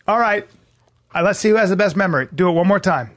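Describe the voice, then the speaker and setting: A man hosting a podcast, talking in casual banter in an excitable way, laughing as he goes. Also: high-pitched, quick pace. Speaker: podcast host.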